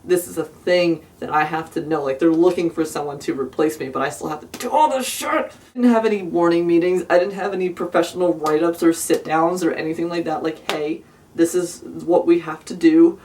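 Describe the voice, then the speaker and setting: Young woman, low-pitched voice, exasperated profane ranting, mic a bit distant. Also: brisk, few pauses, darkish tone, slight background noise. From South Jersey, USA. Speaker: vlogger. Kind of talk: storytime rant.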